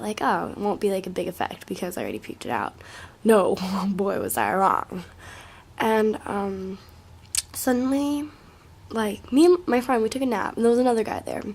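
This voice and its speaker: A young woman casually telling a rambling, profane story to camera, full of filler likes and often dropping to a hushed near-whisper. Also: medium pitch, vocal fry, a little hiss or hum.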